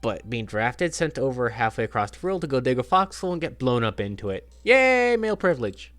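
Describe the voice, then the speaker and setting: A sarcastic man commentating on a game, swearing freely in casual chat. His pitch moves in a lively way. The sound is dry, with faint game music underneath. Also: fast, no room sound. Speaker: let's play host.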